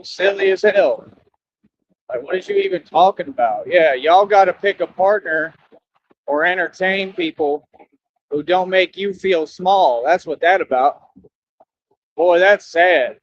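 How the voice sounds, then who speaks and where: Preachy ranting man, high voice, lo-fi. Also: measured pace, pauses often. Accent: American country. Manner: preachy, lecturing, brash. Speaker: live streamer. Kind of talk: ranting monologue to viewers. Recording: dull lo-fi stream audio with faint noise.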